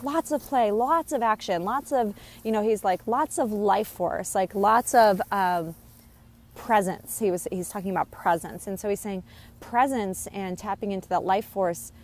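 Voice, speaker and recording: A woman's voice: medium pitch, darkish tone. A woman talking casually as she relays a spirit's messages, hesitant with many fillers and restarts, laughing now and then. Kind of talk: casual channeling monologue.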